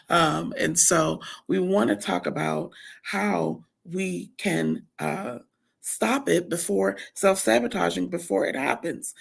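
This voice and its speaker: Woman speaker at a women's camp, lowish husky voice, earnest and emphatic, teaching in repeated lists. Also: lively intonation, slow. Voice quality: deep, husky morning voice. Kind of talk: faith-based motivational teaching.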